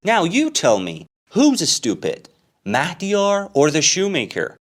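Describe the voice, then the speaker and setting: A man voicing an angry young man in a rage, shouting insults in a high-pitched voice. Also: huge pitch swings, takes it slowly, full character voice. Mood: enraged.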